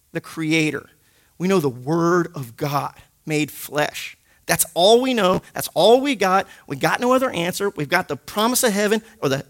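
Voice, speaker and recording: High, gravelly, bright-voiced male teacher. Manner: animated, jokey, punchy sound effects. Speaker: Bible study teacher. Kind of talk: lively teaching talk to a group.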